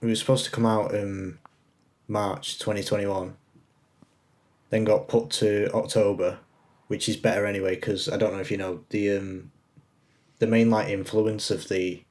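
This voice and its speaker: A young man co-hosting a casual podcast over a remote recording, chatting like a film buff and pausing often on "uh". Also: on the low side, flat delivery, darkish tone. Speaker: podcast co-host. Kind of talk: casual chat. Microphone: remote call recording.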